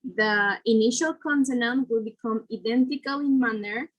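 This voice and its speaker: A woman's voice: on the high side, normal speed, lo-fi sound. A woman presenting a lesson, explaining step by step with fillers and self-corrections. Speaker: student presenter.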